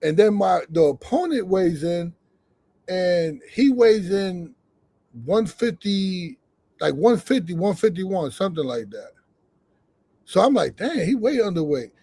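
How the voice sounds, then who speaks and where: A man telling a boxing story on a call-in show in a casual, animated way, acting out the quotes and swearing freely. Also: sits high, takes it slowly, no room sound.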